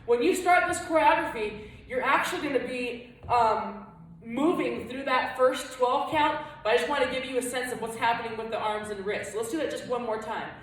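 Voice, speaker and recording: A woman's voice: a little high, moderate pace. A woman teaching a flamenco dance lesson, chatting encouragingly and counting beats aloud as she claps and moves. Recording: echoey room, voice from a distance.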